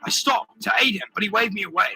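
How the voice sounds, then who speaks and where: A man's voice: sits high, fast, vocal fry, sharp tone, low-quality recording. A man narrating his own pirate adventure audiobook in the first person, telling the action vividly. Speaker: author reading his own novel.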